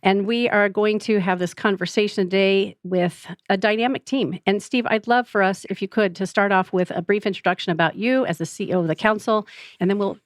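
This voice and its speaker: A woman's voice: medium pitch, fairly even intonation, a little fast, dry recording, clean studio sound. A woman co-hosting a podcast panel interview, giving upbeat, formal introductions. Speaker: podcast co-host and producer.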